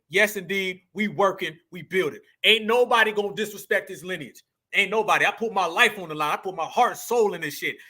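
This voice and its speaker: A man's voice: sits high, bright, forceful tone. A man, hosting an online show and delivering an impassioned commentary monologue, emphatic and repetitive, swearing freely and calling his listeners family. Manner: preachy and emphatic, repeats lines, swears, calls listeners family.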